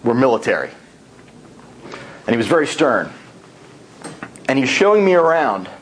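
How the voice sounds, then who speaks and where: A man giving a tall-tale speech at a speaking club, telling it in an animated storytelling manner. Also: medium pitch, moderate pace, slight background noise, rough recording.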